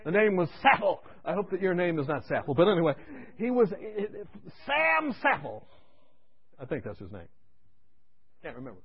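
A male preacher telling a story in his sermon, animated and conversational, dropping to a hush for asides. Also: high voice, normal speed, pauses often, muffled recording.

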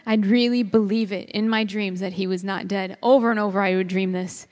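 A woman's voice: medium pitch, fairly even intonation, a little fast, hardly any pauses, darkish tone, big-room sound. A woman sharing a personal testimony in an earnest storytelling manner, acting out her own past words as she goes. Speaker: guest speaker sharing testimony.

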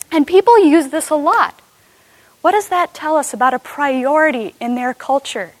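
A woman giving an animated class talk to a live audience, often asking them questions. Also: high voice, no room sound. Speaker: speaker teaching cross-cultural ministry.

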